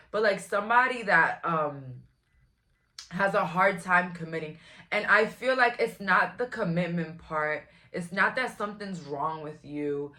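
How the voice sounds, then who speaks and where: A woman's voice: on the low side, bright, forceful tone. A woman, giving a casual, frank tarot reading to camera in a chatty, blunt way. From Brooklyn, New York. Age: 20s. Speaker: tarot reader.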